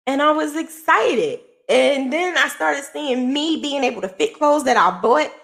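This vlogger is a woman telling a personal story, animated yet measured in pace, with a creaky voice. She curses freely and shows raw emotion, her volume falling low and quiet and then rising into loud laughter.

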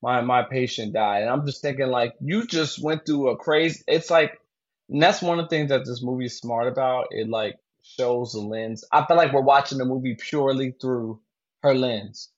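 Here a man co-hosting a podcast loosely discusses a film at a moderate pace, wandering off track and starting sentences over amid plenty of fillers. His pitch is middling, and the sound quality is somewhat flat and lo-fi.

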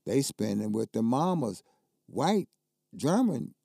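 An older basketball coach tells stories slowly as a guest, his medium-pitched voice creaky and dark with big pitch swings. His casual talk is emphatic and colloquial, and he repeats words when worked up. Studio quality, no echo.

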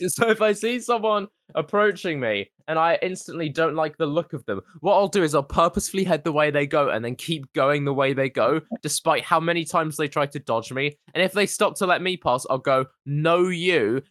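A man, co-hosting a casual comedic chat, joking around and breaking into loud silly voices. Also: a little high, fairly quick, hardly any pauses, no echo, studio quality.

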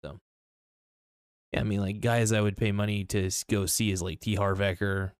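A man's voice: lowish voice, level tone, moderate pace, smooth, dry recording, clean studio sound. A man hosting a podcast, ranting casually and bluntly with plenty of swearing and fillers. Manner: blunt, profane, skeptical, many fillers. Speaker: podcast host. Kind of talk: casual opinionated podcast rant.

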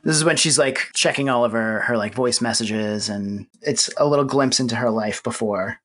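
A man with an average-pitched voice, recapping a film on a podcast. He talks in an easy, conversational way. His humor is dry. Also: normal speed, a bit bright, a little hiss or hum. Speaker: podcast co-host. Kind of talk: casual movie-discussion chat.

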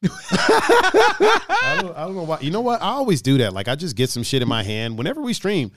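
A man from Ohio co-hosting a stream, chatting casually, laughing often and swearing as he tells animated stories. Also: fairly high pitch, moderate pace, no room sound. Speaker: stream co-host. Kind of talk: casual chat.

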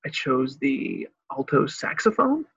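Young husky-voiced man from Illinois, relaxed storytelling chat, dull dry recording. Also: unhurried, no echo. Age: young adult. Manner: animated, laughs often, breaks into high excited voices. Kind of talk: casual chat. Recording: dry, slightly dull lo-fi sound.

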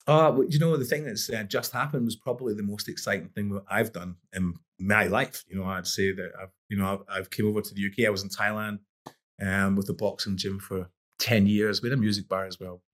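Easygoing low-voiced middle-aged man. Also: steady tone, fairly quick, a bit bright. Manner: easygoing, rambling, many restarts and "you know". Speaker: guest, boxing coach. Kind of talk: relaxed conversational storytelling.

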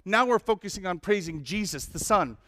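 High-voiced man preaching lively. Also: fairly quick, no room sound, studio quality. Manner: lively preaching with asides and humor. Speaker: pastor. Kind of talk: sermon.

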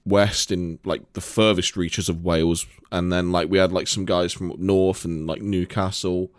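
A man from Nottingham with a Nottingham accent, telling stories in casual chat, sweary and animated. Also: low-pitched, normal speed, no echo, clean studio sound. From Nottingham, England. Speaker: podcast co-host and gigging musician.

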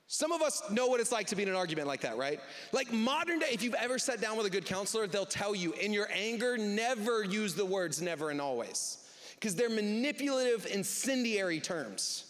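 A man's voice: very high-pitched, lively intonation, moderate pace, a bit bright, big-room sound. A male pastor preaching a sermon in a conversational way, acting out what people say. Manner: conversational, acts out quoted voices. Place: church service.

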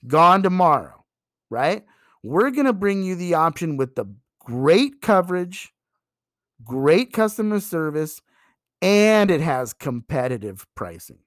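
A man giving a sales training talk, emphatic and animated, acting out pitches to customers. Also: unhurried, dry recording, clean studio sound.

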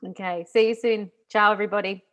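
A woman's voice: medium pitch, steady tone, quick pace, faint music behind. A woman co-hosting a podcast in casual chat, heartfelt and reflective, often laughing. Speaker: podcast co-host.

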